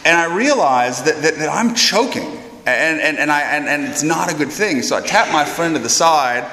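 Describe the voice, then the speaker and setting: A man, a priest, telling a funny anecdote with animated, self-deprecating energy and stumbling repeats, in an echoey hall. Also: fairly high pitch, normal speed, background noise. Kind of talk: storytelling anecdote.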